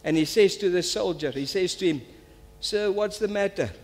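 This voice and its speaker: A man's voice: high-pitched, normal speed. A man, a pastor preaching a sermon and telling a story that builds to emphatic appeals.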